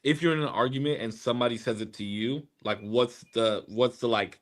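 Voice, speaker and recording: Young man, blunt, casual chat, podcast co-host, mid pitch. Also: fairly even intonation, a little fast, hardly any pauses.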